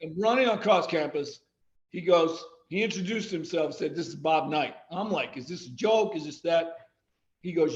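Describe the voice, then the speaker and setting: A male guest on a casual podcast, an athletic director and former coach, tells animated anecdotes and quotes other people. His voice is high-ish and his pace moderate. The recording sounds roomy and muffled.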